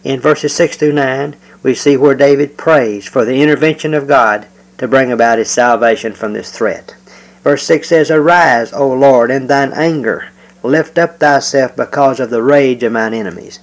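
Man, bible teacher, measured pace, frequent pauses, mid-pitched voice. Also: low-quality recording. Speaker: preacher.

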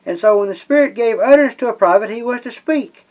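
A man preaching a Bible-teaching sermon. He slows down and leans on the scripture he reads, and pauses often with "uh". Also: high-pitched, expressive, a little mellow, low-quality recording. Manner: slows and stresses scripture readings, many "uh" pauses.

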